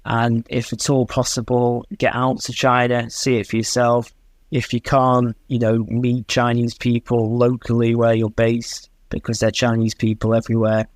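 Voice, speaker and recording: A man's voice: mid-range voice, monotone, normal speed, no room sound. A man, a language teacher as a podcast guest, talking in a thoughtful, hedging and self-deprecating way. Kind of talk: podcast interview.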